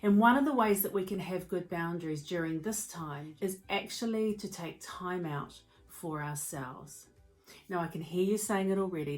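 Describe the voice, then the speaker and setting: A woman giving a motivational talk as a mental health speaker and educator, telling stories in an expressive, conversational way. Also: lowish voice, moderate pace, soft background music.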